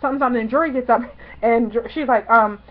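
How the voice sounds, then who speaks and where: A woman vlogger telling a story to her viewers in a chatty, excitable, slangy way. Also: a little high, fast, narrow, tinny audio.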